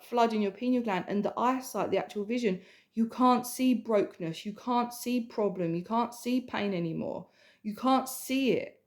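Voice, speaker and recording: A woman spiritual coach giving an emotional, earnest sales pitch, repeating herself and speaking intimately to the listener. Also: darkish tone. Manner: earnest, repetitive, swears casually; addresses the listener intimately as hun and babe.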